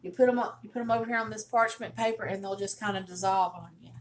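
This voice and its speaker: A woman's voice: medium pitch, fairly even intonation, quick pace. Chatty Southern woman in her kitchen. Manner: folksy, chatty, storytelling. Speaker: cooking channel host. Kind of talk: casual cooking demonstration. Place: home kitchen.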